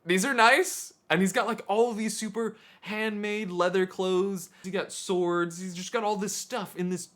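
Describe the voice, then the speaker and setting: A man vlogging, telling a self-deprecating story in an animated, casual way. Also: sits high. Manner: animated, self-deprecating, quick to act out scenes.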